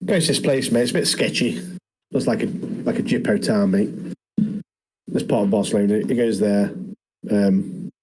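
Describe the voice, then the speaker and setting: This is a man recapping a show on a podcast in a laid-back, rambling way. His voice is low and mellow with a husky, slightly rough edge. He fills the gaps easily and keeps it casual. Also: normal speed, pauses often, rough recording. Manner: relaxed, rambling recap with fillers. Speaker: podcast co-host. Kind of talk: casual chat, recapping episodes.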